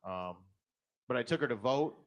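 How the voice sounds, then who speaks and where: A middle-aged man doing a blunt, profane stand-up set, jumping into sudden high put-on voices. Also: lively intonation, moderate pace, dull audio. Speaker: stand-up comedian.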